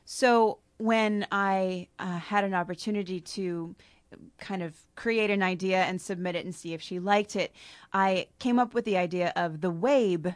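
A woman author talking casually about her story, laughing often, before reading an excerpt. She speaks at a middle pitch. Her voice is dry and close on a studio mic. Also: steady tone, a little slow, no room sound. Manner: chatty with frequent laughs. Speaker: author guest.

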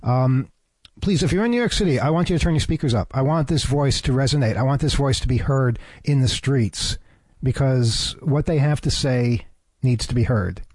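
A man's voice: mid-range voice, normal speed, darkish tone. A man hosting an FM radio talk show, speaking in an earnest, hesitant way from a studio. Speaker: radio host.

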